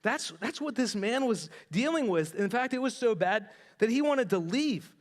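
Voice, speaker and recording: A man with a rather high voice preaches in a church in a relaxed, conversational way. He retells a story with animated asides and speaks straight to the congregation. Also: normal speed. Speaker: pastor. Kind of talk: sermon. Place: church sanctuary.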